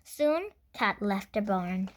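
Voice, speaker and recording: A woman reading a children's storybook aloud, slow, clear and deliberate. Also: mid-range voice, lively intonation.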